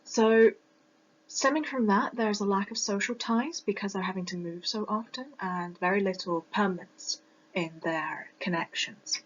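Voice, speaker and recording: Woman, British RP accent, reflective presenter with ums, medium pitch, muffled home recording. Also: normal speed. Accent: British received pronunciation. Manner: reflective, thoughtful, with many ums and restarts. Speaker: student presenter. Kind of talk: personal presentation. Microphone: close mic that sometimes distorts.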